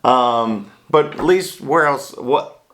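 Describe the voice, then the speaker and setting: A man's voice: medium pitch, expressive, slow, fairly bright tone. A man hosting a casual chat from a small home studio, upbeat and self-deprecating about his mistakes. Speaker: host.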